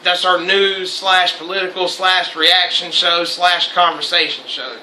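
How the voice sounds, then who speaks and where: A man's voice: sits high, level tone, a little slow, sharp tone, a little hiss or hum. A young man hosting a casual chat show, loose and profane and laughing often. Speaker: host. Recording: echoey room.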